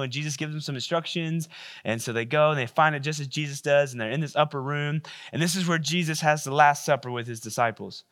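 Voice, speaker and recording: A man's voice: a little high, fast, fairly bright tone. A male pastor preaching a sermon in a casual, conversational way, with many fillers and repeated words.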